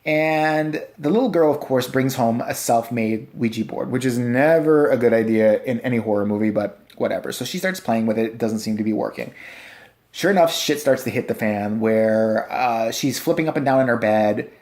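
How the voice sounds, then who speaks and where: A man's voice: medium pitch, moderate pace, a little mellow. Sarcastic, profane male movie reviewer. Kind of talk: casual ranting movie review. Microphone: handheld camera.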